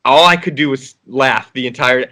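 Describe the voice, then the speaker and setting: Man, actor guest, casual interview, bright voice, rambling, restarts, laughing. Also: medium pitch, normal speed.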